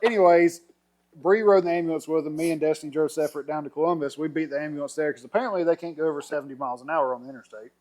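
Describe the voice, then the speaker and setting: A man's voice: a little high, rapid-fire. A middle-aged man, casually telling a long story over drinks, acting out quotes and laughing often. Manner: animated storyteller, acts out quotes, laughs a lot. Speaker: podcast guest telling a story.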